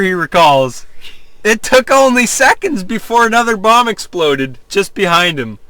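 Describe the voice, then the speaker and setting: A young man reads strange computer-written stories aloud at an unhurried pace, his pitch leaping around as he stops to question what he just read. His voice is bright and slightly high, and the recording is close and dry. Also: very animated, dry recording. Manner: reads slowly, breaks into laughter and incredulous outbursts. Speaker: host reading AI-generated stories aloud. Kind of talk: comedic reading with reactions.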